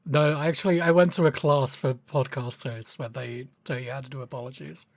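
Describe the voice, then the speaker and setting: A woman's voice: a bass voice, fairly even intonation, moderate pace, creaky. A woman co-hosting a podcast in casual chat, self-deprecating and jokey. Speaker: podcast co-host.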